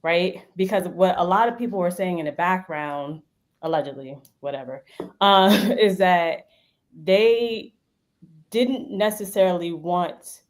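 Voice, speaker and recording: A woman guest on a casual talk show, conversational and opinionated. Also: on the low side. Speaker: guest commentator.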